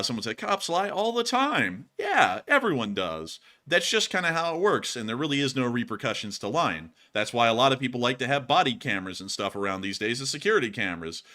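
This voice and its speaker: A man with a bright, forceful voice talks through news in casual commentary. He rambles and piles on fillers, his delivery loose and animated. He sounds like a regular co-host answering his partner on air. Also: medium pitch.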